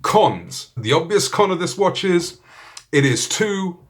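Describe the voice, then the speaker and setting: A man's voice: sits high, very animated, takes it slowly. A man with a British accent giving a casual, joking gadget review, full of swearing and banter. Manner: profane, joking, laid-back. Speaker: tech reviewer.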